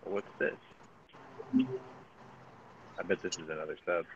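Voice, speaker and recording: A man's voice: deep voice, steady tone, measured pace, highs cut off, background noise. A man giving casual, profane live commentary on his own gameplay, thinking aloud as he plays. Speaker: gaming streamer.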